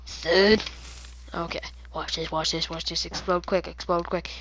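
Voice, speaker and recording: A woman's voice: lowish voice, level tone, measured pace, fairly bright tone, slight background noise. A woman giving casual, playful commentary over her own gameplay, rambling into silly asides. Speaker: gaming video creator.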